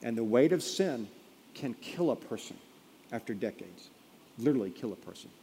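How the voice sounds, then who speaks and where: A man preaching a sermon in a mellow, dark voice, building to loud emphatic peaks before falling to a hush. His voice rings out through a large hall with a long reverb tail. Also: mid-range voice, expressive, moderate pace, slight background noise. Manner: storytelling, building to emphatic peaks then dropping quiet. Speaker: pastor.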